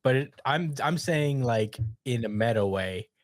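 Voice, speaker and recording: A man's voice: mid-range voice, expressive, unhurried, no room sound, studio quality. A man hosting a podcast in casual chat, retelling scenes with easy laughs. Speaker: podcast host.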